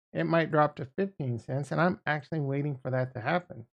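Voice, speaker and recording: A man hosting a casual livestream about trading, talking excitably and with profanity as he riffs with viewers. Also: a little high, a little fast, creaky, hardly any pauses, lo-fi sound. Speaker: livestream host.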